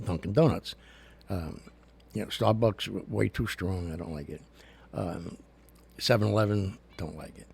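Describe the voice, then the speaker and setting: On the low side and gravelly, his voice has a darkish, slightly rough tone. He's the host of a casual livestream, chatting and rambling to viewers with occasional rants, recorded on a studio recorder mic.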